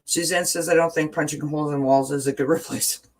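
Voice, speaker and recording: A woman hosts a casual livestream, reading viewer comments and talking through self-help ideas, often restarting and using tag questions. Her low, darkish voice keeps a steady tone and moves fast.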